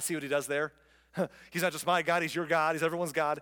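A pastor preaching a sermon, reading scripture and adding conversational, joking asides. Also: male voice, on the high side, brisk, bright, forceful tone, in a large hall.

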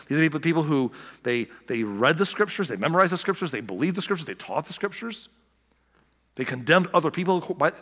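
A male pastor preaching in a casual, animated way, cracking jokes and acting out the people in his story. His voice sits a little high and rings out with a long hall reverb. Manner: animated, joking, acts out quotes. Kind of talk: conversational sermon.

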